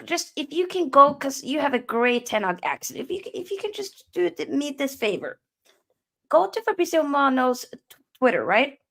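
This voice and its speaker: A woman hosts a live football reaction stream. Her voice has a gravelly, creaky texture. She keeps things chatty and upbeat with her guests. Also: high voice, very animated, normal speed, fairly bright tone. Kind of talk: live match reaction chat.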